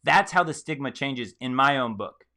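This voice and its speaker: Male host, clear forward tone, mid pitch, emphatic live commentary. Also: expressive, moderate pace, bright, forceful tone. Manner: emphatic, acts out quoted reactions.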